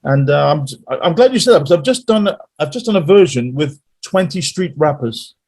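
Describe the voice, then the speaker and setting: A man's voice: on the high side, a little fast, slightly rough. Chatty male musician guest. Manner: animated rambling storyteller. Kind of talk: casual interview chat.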